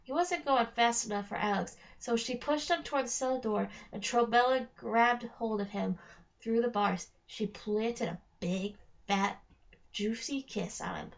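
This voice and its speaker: A woman reading a novel aloud in a steady storytelling manner, slowing on key phrases. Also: fairly high pitch, gravelly. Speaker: reader. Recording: dull lo-fi recording.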